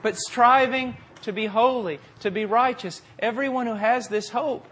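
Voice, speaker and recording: A man preaching a sermon with passion, moving from quiet, deliberate phrases to forceful peaks. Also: high voice, slight background noise. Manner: impassioned, swings from quiet to forceful.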